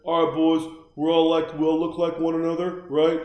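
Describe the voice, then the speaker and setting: A man's voice: a little high, completely flat delivery, moderate pace, roomy sound, lo-fi sound, natural voice. A man voicing a laid-back, bro-ish reindeer coach in easygoing dude talk.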